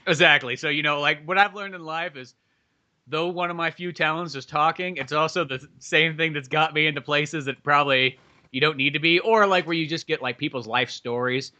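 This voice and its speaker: A man's voice: fairly high pitch, a little fast, bright, forceful tone, lo-fi sound. A man on a podcast telling a rambling, casual story with lots of fillers and swearing. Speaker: podcast co-host.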